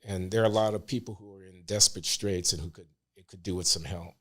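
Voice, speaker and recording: An older man, a podcast guest, speaking in a measured, deliberate way that becomes emphatic. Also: low-pitched, fairly even intonation, a bit bright. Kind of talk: interview conversation.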